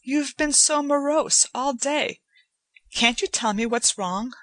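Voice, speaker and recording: A woman's voice: sits high, takes it slowly, a bit bright, no echo, pitched above the performer's own voice. A woman voicing a delighted young woman who coos and gushes in a sing-song way. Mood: concerned. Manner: breathless, sing-song cooing. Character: gushing young woman, delighted, cooing at a cat.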